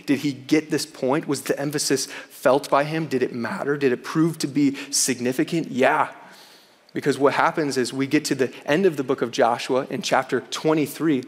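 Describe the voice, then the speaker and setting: A man preaching a sermon in a casual, earnest way, often saying "man" and slowing down to read scripture aloud for emphasis. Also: mid-range voice, big-room sound. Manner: earnest, conversational preaching with frequent "man" interjections.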